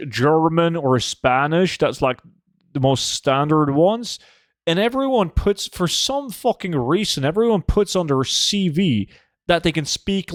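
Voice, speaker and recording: Here a man with a fairly high-pitched voice answers his live-stream chat over a desk microphone, swearing constantly and joking in an easygoing manner. The audio is studio quality without echo.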